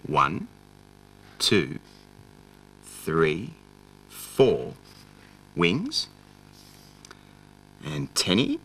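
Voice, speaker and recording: A young man presenting a children's TV show, talking slowly and playfully in a sing-song way for small children. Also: sits low, bright, forceful tone. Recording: music playing along.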